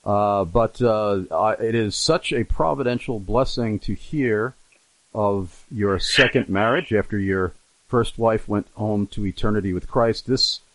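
A man's voice: fairly low pitch, a little slow, a bit bright, dry recording, poor audio. A man hosting an interview, chatty and announcer-like when reading out details. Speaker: interview host.

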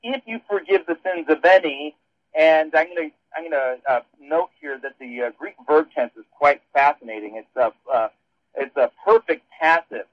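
A man's voice: a little high, normal speed, no echo. A man on a radio show explaining theology in a rambling way, with frequent restarts. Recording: dull phone-line sound.

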